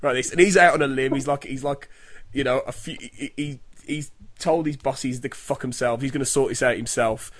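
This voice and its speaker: A man's voice: medium pitch, normal speed. A man chatting casually about a film, acting out scenes in put-on voices. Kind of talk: casual film review chat.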